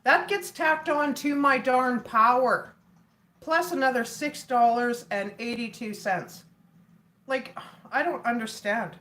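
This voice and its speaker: A woman's voice: a little high, slow pace, fairly bright tone. A woman hosting a casual livestream, chatting with viewers and laughing often.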